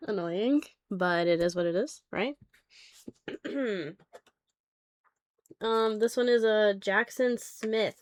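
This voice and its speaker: A woman's voice: mid-range voice, takes it slowly, pauses often, dry recording. A young adult woman streaming live as she reveals graded trading cards, chatting casually, bluntly and with plenty of swearing and laughter. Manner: blunt and profane, laughing easily. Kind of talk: casual livestream chat.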